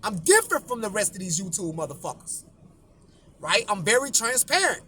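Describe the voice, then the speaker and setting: A man's voice: high voice, very animated, fairly quick, sharp tone, a little hiss or hum. A man hosting his own channel, telling a long story in a blunt, profane way and often repeating himself. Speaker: YouTube host.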